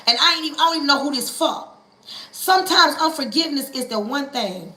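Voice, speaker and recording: Bright-voiced woman preaching with emphatic repetition. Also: high voice, expressive, brisk, roomy sound, rough recording. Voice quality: emphatic, repetitive, coaxing call-and-response. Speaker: livestream preacher. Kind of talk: impassioned livestream sermon.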